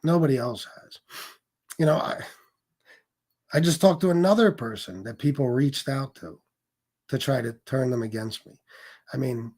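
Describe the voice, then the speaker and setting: A man hosts a casual livestream at medium pitch, speaking at a measured pace with frequent pauses and a slightly mellow tone. He talks bluntly and curses a lot, repeating himself and restarting sentences while reading chat comments.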